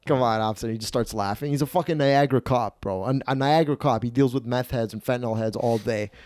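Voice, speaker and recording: A young man hosting a comedy podcast, telling a rowdy story and acting out the shouted lines. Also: mid-range voice, fast, dry recording. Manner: animated, swearing, acts out quotes loudly. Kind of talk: casual storytelling.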